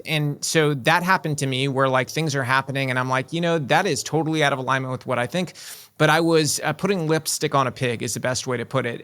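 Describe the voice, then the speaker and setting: A man's voice: on the high side, fairly bright tone, smooth. Earnest man, middle-aged interview guest. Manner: earnest, with frequent "right?" and "you know" asides. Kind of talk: casual interview talk.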